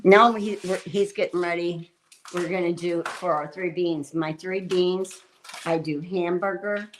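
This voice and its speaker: A woman's voice: lowish voice, fairly even intonation, unhurried, slight background noise, rough recording. A woman hosting a livestream, chatting casually with viewers in a rambling way while she cooks. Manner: rambling and chatty, often laughing and restarting. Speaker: livestream host. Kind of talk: casual chat with live viewers while cooking.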